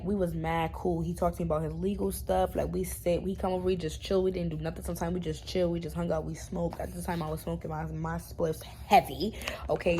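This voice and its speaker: A woman's voice: fairly low pitch, mellow, slight background noise. A young woman in a casual storytime vlog, talking bluntly in slang and swearing freely. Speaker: YouTube storyteller.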